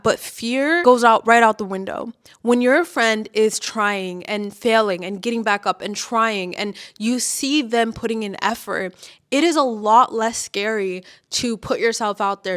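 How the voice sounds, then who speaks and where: A woman's voice: medium pitch, fairly bright tone. A young woman in her twenties giving casual motivational talk to the camera, earnest and chatty with lots of "like" and "okay?". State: tearful and emotional while talking about her mother. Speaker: lifestyle vlogger. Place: indoors, filming herself.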